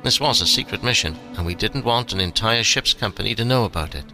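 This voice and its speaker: A man's voice: fairly low pitch, quick pace. A man voicing a regretful old astronaut commander. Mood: confessing. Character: old former astronaut commander with a painful back, confessing. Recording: soft music underneath.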